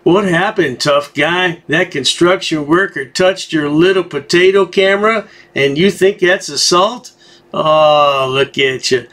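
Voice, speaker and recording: Man, commentary host, mocking voice-over, slow, bright tone. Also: a little high. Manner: sarcastic, taunting.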